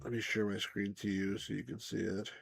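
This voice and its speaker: A man's voice: lowish voice, little pitch movement, brisk, vocal fry, husky, no room sound. A man hosting a casual let's play, chatting loosely and muttering asides to himself. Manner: laid-back, mumbles asides to himself. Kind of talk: casual gameplay chat.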